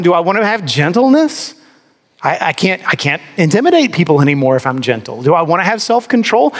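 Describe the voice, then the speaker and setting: A man preaching a sermon as pastor, animated, asking rhetorical questions and slipping into mock voices. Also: fairly high pitch. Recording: long reverb of a large hall.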